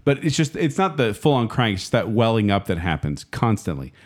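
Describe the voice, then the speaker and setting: Earnest man with a lowish voice. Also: very animated, fairly quick. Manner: earnest, emotional, reads passages aloud. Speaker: podcast co-host. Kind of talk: casual chat.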